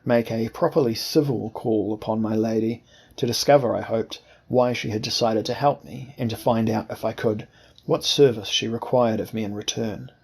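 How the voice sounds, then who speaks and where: A man reading an audiobook in a measured, formal first-person storytelling manner. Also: fairly low pitch, fairly even intonation, creaky, darkish tone, slightly rough. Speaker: audiobook narrator. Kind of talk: scripted first-person narration.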